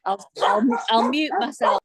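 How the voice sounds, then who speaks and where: A woman sharing on a group video call, talking haltingly with many restarts and fillers. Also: a little high, a bit bright, breathy edge, no echo, poor audio. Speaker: call participant.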